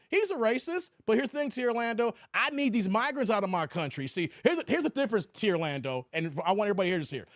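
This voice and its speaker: A man's voice: high-pitched, fast talker, hardly any pauses, no echo, studio quality. A man hosting a live stream, talking casually, reading chat aloud and swearing freely. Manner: animated, swears, slangy. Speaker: live-stream commentary host. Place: New York area.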